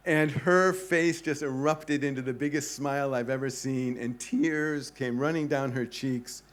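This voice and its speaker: A man at a club event recounts a travel story to an audience. He tells it with animation, acting out the people he met. His voice sits at an ordinary middle pitch. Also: steady tone, measured pace, few pauses. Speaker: travel writer giving a talk. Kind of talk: storytelling talk to a live audience.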